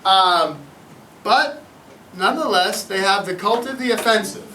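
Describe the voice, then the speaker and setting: Animated male teacher in an echoey classroom. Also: high voice, unhurried, recorded from a distance, slight background noise. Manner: animated, asks the class questions. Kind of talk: classroom history lecture.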